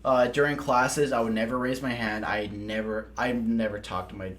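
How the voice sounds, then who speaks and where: A young man co-hosting a podcast, telling animated, profanity-laced stories in casual chat. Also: mid-range voice, moderate pace. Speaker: podcast co-host.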